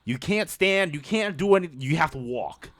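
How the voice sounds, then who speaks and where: A man's voice: a little high, lively intonation, moderate pace, a bit bright, dry recording, studio quality. A young man hosting a podcast, telling school stories casually, swearing freely and laughing often. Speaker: podcast host. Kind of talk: casual storytelling chat.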